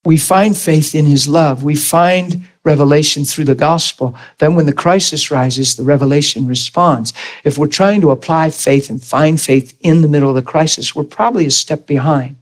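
A man's voice: a little high, moderate pace. A middle-aged man preaching a sermon, telling a personal story and acting out the voices in it. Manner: animated storyteller, acts out voices, laughs.

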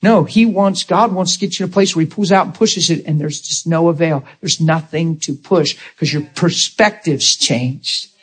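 A man preaches a sermon, his voice a touch high and husky. He talks in a folksy, storytelling way and slips into the voices of the people he describes. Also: normal speed, few pauses.

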